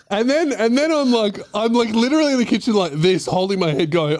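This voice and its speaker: A man telling a funny story on a casual podcast, animated and laughing, swearing a lot and acting out the voices. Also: high voice, fairly quick, few pauses, no room sound. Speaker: comedian host telling a story.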